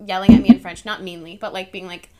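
A young woman co-hosting a podcast, telling a travel story in a casual, animated way and acting out the dialogue. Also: medium pitch, fast. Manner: animated storyteller, acts out dialogue, laughs often. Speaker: podcast co-host.

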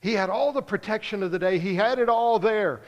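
A man preaching a sermon, earnest, pausing and lifting his voice for emphasis. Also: high-pitched, big-room sound.

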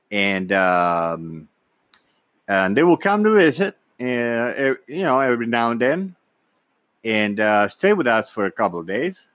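A man telling a personal story in a halting way, often repeating words and acting out what people said. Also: fairly low pitch, a bit bright, dry recording. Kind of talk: personal anecdote, casual monologue.

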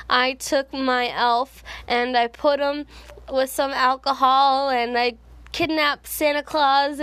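A high-pitched woman hosts a casual solo podcast and talks in a chatty, personal, rambling way. Her voice sits close and dry on the mic, with no room sound around it. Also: no echo. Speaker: podcast host.

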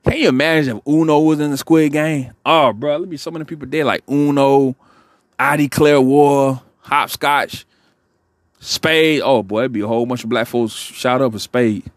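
A man hosting a podcast, rambling in relaxed slangy talk as he signs off. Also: medium pitch, no room sound, clean studio sound. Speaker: podcast host. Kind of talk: casual podcast sign-off.

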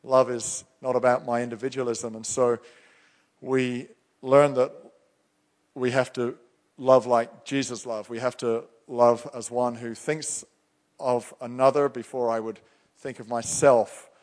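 A man's voice: mid-range voice, flat delivery, a little slow. Preaching man in a reverberant hall. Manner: earnest, emphatic preaching, reads scripture aloud. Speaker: pastor. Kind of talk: sermon.

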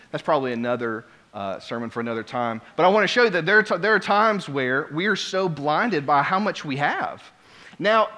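A man preaching a sermon, telling a story with lively swings between quiet asides and loud exclamations. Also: fairly high pitch. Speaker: pastor.

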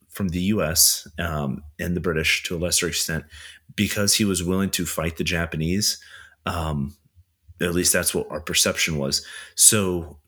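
A man's voice: low-pitched, breathy edge. A man co-hosting a casual history podcast, explaining events at length with frequent fillers. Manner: steady explainer, frequent "you know" fillers. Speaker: podcast co-host.

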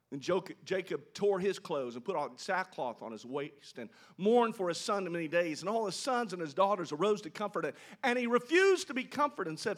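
A man preaching a sermon, telling a scripture story with animated delivery and asking his listeners questions. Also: sits high, moderate pace. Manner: animated storytelling, voices quoted characters, asks the congregation questions. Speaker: pastor.

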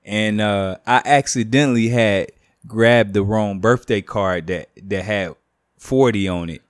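A man's voice: fairly low pitch, measured pace, clear, resonant tone, no room sound, studio quality. Laid-back man in his thirties hosting. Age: 30s. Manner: laid-back, joking, faith-minded. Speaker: podcast host. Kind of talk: casual chat.

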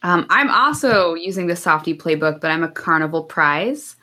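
A woman playing a tabletop game, chatting in a friendly, relaxed way. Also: on the low side, moderate pace. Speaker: player. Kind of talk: casual game chat.

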